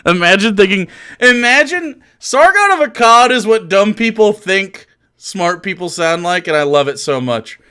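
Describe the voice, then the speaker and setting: A male livestreamer with a high, bright voice that swings widely in pitch. He talks in a loose, mocking way, swears freely and laughs often. His tone is clean and crisp. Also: lively intonation, normal speed. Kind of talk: casual livestream chat.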